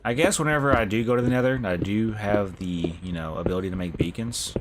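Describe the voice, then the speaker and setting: A man's voice: lowish voice, fast talker, noisy background. A young man live-streaming a game, chatting casually, swearing and saying bro a lot. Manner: laid-back, swears, says bro a lot. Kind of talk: casual gameplay commentary.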